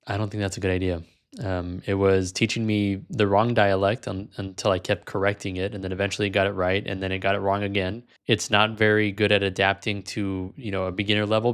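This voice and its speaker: Male vlog host, slightly low voice, frank casual delivery. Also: flat delivery, fairly quick, fairly bright tone, clear, resonant tone. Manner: casual, frank, sometimes amused. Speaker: language learner and video host.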